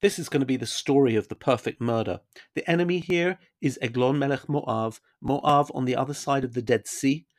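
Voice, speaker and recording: A man giving a Bible lesson in a thoughtful, unscripted way, pausing on fillers and quoting Hebrew verses. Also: medium pitch. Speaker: Bible teacher. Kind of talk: lecture on a Bible chapter.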